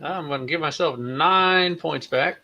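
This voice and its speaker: A man's voice: on the high side, measured pace, pushed and bright, slight background noise. A man playing a tabletop game, casual and hesitant with fillers. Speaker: player. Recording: dull lo-fi sound.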